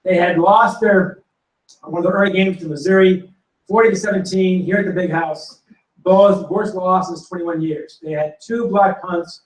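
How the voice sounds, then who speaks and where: A man telling animated football stories to an audience and acting out quotes and punchlines. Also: sits high, normal speed. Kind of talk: storytelling to a live audience. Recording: roomy hall recording from a distance.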